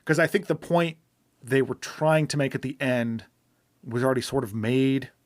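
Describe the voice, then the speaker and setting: Speaking at a moderate pace in a mid-range voice, a man co-hosts a podcast, chatting casually and rambling through many restarts. There's no room sound.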